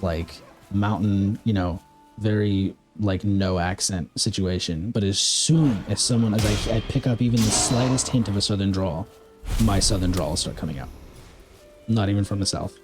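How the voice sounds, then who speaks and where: A man's voice: on the low side, normal speed, music in the background. A man from the American Midwest streaming a game, chatting casually and rambling while answering his chat. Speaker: live streamer.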